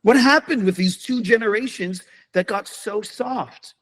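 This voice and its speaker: A man's voice: sits high, a little slow, a bit bright. A man, a podcast guest, speaking emphatically and passionately in a conversational interview, with repeated rhetorical questions.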